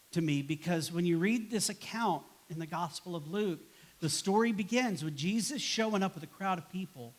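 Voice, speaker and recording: A man preaching a sermon as pastor in a church, casual and conversational, acting out grumbling replies to make his points. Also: sits high. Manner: conversational, acts out quoted voices with a sigh and grumble.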